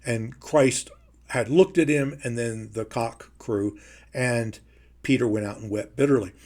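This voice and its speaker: A man teaching a Bible lesson in a measured, emphatic way, slowing down to stress key phrases. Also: mid-range voice, darkish tone. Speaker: preacher.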